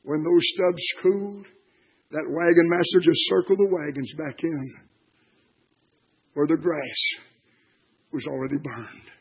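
An older man preaching a sermon. He is impassioned and moves from hushed words to shouting. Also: a little high, measured pace, long pauses, breathy edge. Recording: dull lo-fi recording.

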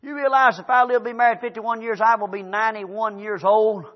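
An older Southern American pastor with a high, reedy voice delivers a folksy storytelling sermon. He shifts between loud calls and hushed asides. The recording is dull and lo-fi. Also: fairly quick. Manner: folksy, animated, swings between loud preaching and quiet storytelling.

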